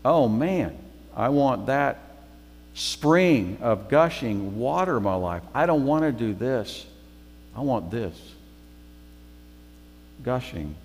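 A man's voice: mid-range voice, lively intonation, takes it slowly, pauses often, slightly rough. Conversational male preacher in a reverberant hall. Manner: conversational, repeats phrases for emphasis. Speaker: guest preacher. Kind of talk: sermon.

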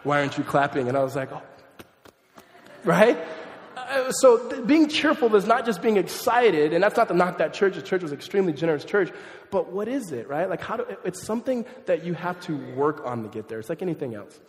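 Animated man preaching in an echoey hall. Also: high voice, a little fast. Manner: conversational, animated, self-deprecating asides. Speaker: pastor. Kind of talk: sermon. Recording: echoey hall, long reverb.

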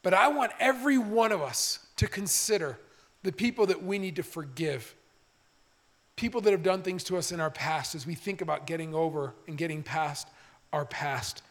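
A man's voice: on the high side, moderate pace, fairly bright tone. A middle-aged man preaching a sermon, telling a story in an earnest, conversational way. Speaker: pastor. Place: church stage.

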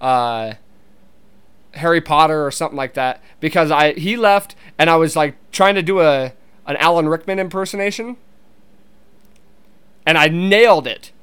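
A young man rambling through a loose, casual monologue, swearing often and breaking off to restart his sentences. His voice sits a little high and sounds smooth and clear. He laughs easily as he talks. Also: normal speed, pauses often, fairly bright tone.

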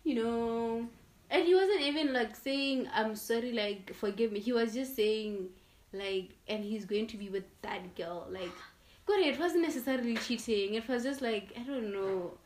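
A woman's voice: fairly high pitch, measured pace, a little mellow, slight background noise. A young woman in casual chat as a podcast guest, talking openly and expressively with frequent restarts and laughs. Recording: echoey room, distant from mic.

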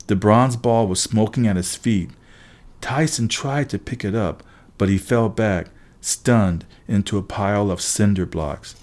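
A man reading a first-person adventure story aloud as an audiobook narrator, brisk, with occasional restarts. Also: lowish voice, a little mellow.

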